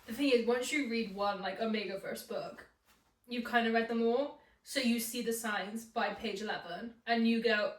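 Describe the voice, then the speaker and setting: A woman's voice: fairly high pitch, moderate pace. A young woman, chatting to camera as a book vlogger in a chatty, giggly way. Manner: chatty and giggly, with many fillers. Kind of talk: casual chat to camera.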